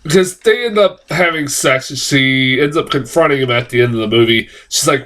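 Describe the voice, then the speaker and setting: A man giving a casual, rambling film review, swearing a lot and stumbling through restarts, jumping higher whenever he quotes a line. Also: moderate pace, hardly any pauses. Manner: rambling, heavy swearing, many fillers and restarts; jumps to high, excited pitch when quoting lines.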